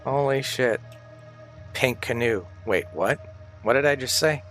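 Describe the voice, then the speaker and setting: A man's voice: medium pitch, a little slow, a bit bright, faint music behind. A man chatting casually on a livestream, rambling and swearing freely, sounding tired and sick.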